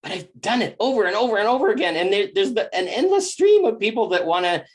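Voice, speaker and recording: Talking fast in a high voice with big swings in pitch, a man thinks aloud through a reflective spiritual self-help monologue. He's emphatic and frank, cursing liberally and repeating words as he goes.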